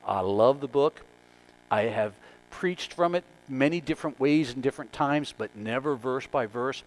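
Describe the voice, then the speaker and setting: A man's voice: medium pitch, normal speed, faint music behind, poor audio. A male pastor giving a conversational, emphatic sermon and working through numbered points.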